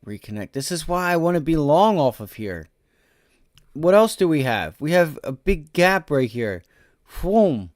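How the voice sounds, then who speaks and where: A man hosting a live day-trading stream, talking through charts and swinging between low frustrated muttering and loud swearing outbursts. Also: very animated, unhurried, no room sound, clean studio sound. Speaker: day trading livestream host.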